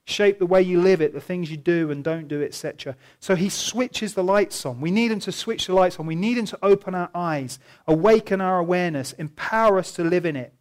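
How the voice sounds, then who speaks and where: A man preaching a sermon in a church, moving from quiet reflection to loud, emphatic declarations. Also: high voice, fairly quick, few pauses. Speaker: pastor.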